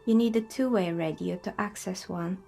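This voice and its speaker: A woman voicing a polite, soft-spoken female dice maker in a video game, calm and friendly. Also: mid-range voice, normal speed, creaky, faint music behind, lightly acted.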